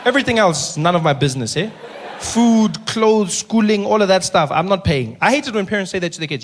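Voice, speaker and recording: A male stand-up comedian, telling animated stories and acting out voices. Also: high voice, fairly quick. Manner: animated, acts out characters, shouts at punchlines. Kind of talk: stand-up storytelling. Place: live comedy venue with audience.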